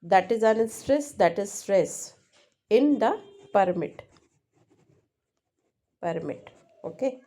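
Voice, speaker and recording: A woman teaching linguistics, explaining exam answers slowly and repeating points, often checking with "right?". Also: mid-range voice, expressive, warm tone. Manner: slow, repetitive, keeps checking with "right?". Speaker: English teacher.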